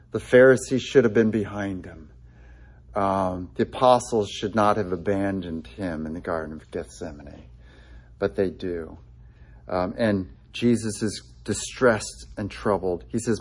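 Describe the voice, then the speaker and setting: A man's voice: fairly low pitch, measured pace, slightly rough. A man preaching a sermon in a conversational way, with frequent fillers and restarts, quoting scripture with feeling. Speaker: pastor.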